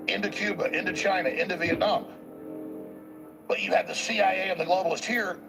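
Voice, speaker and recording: A male talk show host with a notably high voice and a gravelly, fry-heavy rasp. He delivers an insistent political monologue that keeps circling back and repeating words as he drives his points home. Music plays clearly behind him. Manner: emphatic, rambling, repeats words when pushing a point.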